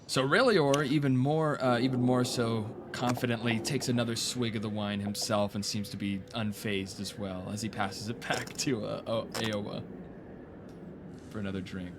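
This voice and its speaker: A man's voice: fairly low pitch, fairly even intonation, normal speed, noisy background. A man running a tabletop game as dungeon master, narrating loosely and laughing often.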